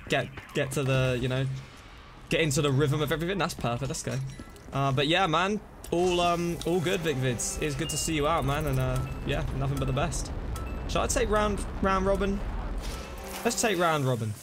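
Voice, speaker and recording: A young man streaming a zombie game, chatting excitedly to his viewers and reacting to what happens. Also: a little high, normal speed, music in the background. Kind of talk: casual live-stream commentary.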